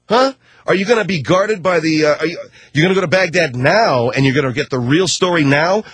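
A man's voice: on the high side, fairly bright tone, breathy edge, no echo. A man ranting on talk radio in a combative, sarcastic, mocking way. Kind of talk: radio rant.

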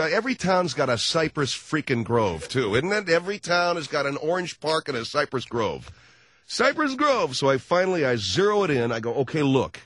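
A radio talk host spins a story with big swings of pitch. His voice sits a little high and close to the mic, with a dry studio sound. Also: no echo. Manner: animated storytelling, acts out both sides in a high mock voice. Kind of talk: radio call-in monologue.

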